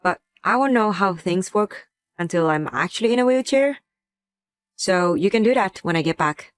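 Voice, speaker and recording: A woman playing a young wife who uses a wheelchair, speaking in a gentle, pleading way in a scripted drama. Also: mid-range voice, lively intonation, moderate pace, smooth, no room sound, lightly acted. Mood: calm. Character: young wife in a wheelchair, hurt but patient.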